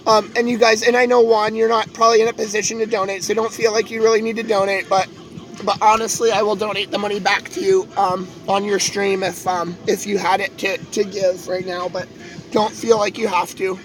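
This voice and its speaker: A man's voice: high voice, level tone, fairly quick, soft background music, rough recording. A young man streaming live, talking casually in a rambling, earnest way and pleading with his viewers.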